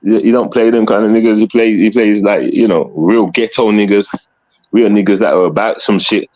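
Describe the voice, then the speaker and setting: A man's voice: steady tone, a little fast, rough recording. A man with a Jamaican accent, chatting on a stream, ranting in heavy slang. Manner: loud, swings high and low in pitch, heavy slang. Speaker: stream co-host. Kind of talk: casual streamed chat.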